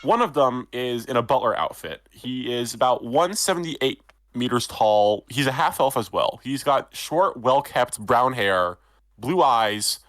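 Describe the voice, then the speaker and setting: A man narrating as game master of a tabletop role-playing game, relaxed and meandering with frequent ums. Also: medium pitch, a little slow, dry recording.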